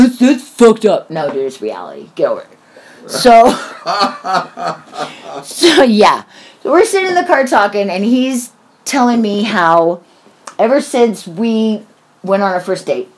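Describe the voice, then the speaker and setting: A woman in her forties telling a story in casual chat, swearing often and acting out what people said. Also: medium pitch. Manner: animated, swears often, acts out quoted voices.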